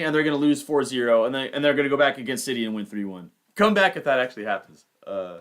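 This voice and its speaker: A man's voice: medium pitch, sing-song, fairly quick, a bit bright. A young man hosting a fantasy football livestream, rambling and thinking aloud in casual commentary. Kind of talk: casual live-stream commentary.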